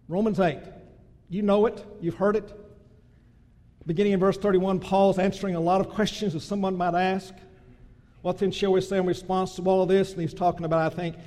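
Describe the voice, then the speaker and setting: Male preacher with a high voice, delivering a sermon with surging emphatic runs; a long hall reverb. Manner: builds to loud emphatic crescendos, then drops soft.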